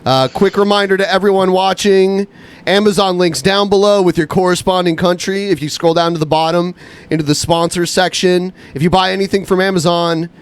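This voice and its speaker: A man hosting a loose podcast chat, his voice sitting a little higher than most men's. He talks in an easygoing, rambling way and swears freely. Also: steady tone, brisk, clear, resonant tone. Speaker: podcast host. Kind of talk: casual chat.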